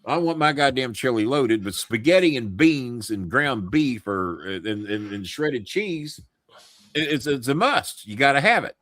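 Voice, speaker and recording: A man hosts a casual live show. He rambles through a story with plenty of fillers and swearing. His voice sits at an ordinary pitch and sounds close and dry, with no room echo. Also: expressive, normal speed, a bit bright. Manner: loose, profane, laughing storyteller with many fillers. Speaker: host.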